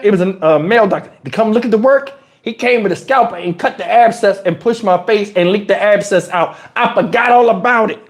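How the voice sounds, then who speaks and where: A man telling a story on a livestream in an animated, profane way, his pitch swinging dramatically, on a lapel mic. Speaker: storytime streamer. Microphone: wireless lapel mic.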